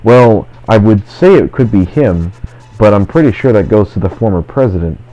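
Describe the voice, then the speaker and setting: A man's voice: on the low side, animated, moderate pace, dark tone. A man chatting casually while playing a video game, rambling and filling his talk with "like". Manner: rambling, constant "like" fillers. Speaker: let's play host. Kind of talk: casual gaming chat. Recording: dull lo-fi recording. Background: faint game music.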